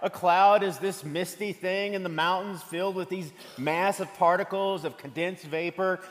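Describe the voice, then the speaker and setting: A man's voice: high voice, fairly even intonation, moderate pace. A man preaching a sermon as pastor, mixing jokes and stories into his message in a church. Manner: humorous, storytelling. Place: church sanctuary. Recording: long hall reverb from a church sanctuary.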